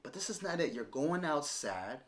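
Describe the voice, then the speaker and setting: A man's voice: a little high, very animated, normal speed. A man in his thirties talking straight to camera in a confrontational, repetitive rant aimed at his ex-partner. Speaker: vlogger responding to an ex-partner.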